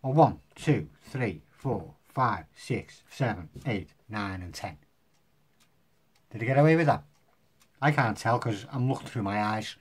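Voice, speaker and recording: A man's voice: fairly low pitch, animated, measured pace, slightly rough. A man casually demonstrating magic tricks to the camera, joking and poking fun at himself as he rambles. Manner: jokey, self-mocking, rambling.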